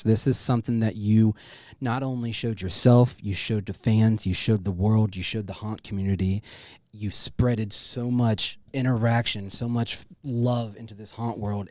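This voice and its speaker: A man's voice: fairly low pitch, warm tone, no room sound, studio quality. A gushing, dude-saying male podcast host. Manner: loose and effusive, says "dude" constantly, swears freely. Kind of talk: casual interview chat.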